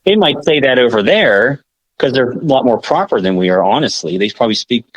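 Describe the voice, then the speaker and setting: Brisk and medium-pitched with lively intonation, this American podcast co-host chats casually, wandering off track, fixing his own words, and filling gaps with filler. The audio is lo-fi with no room sound.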